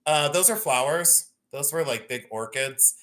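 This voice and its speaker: A woman's voice: deep voice, lively intonation, measured pace, a bit bright. A middle-aged woman hosting a livestream sale, chatting casually and teasing herself as she shows old photos. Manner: chatty, self-mocking, playful. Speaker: livestream jewelry sale host.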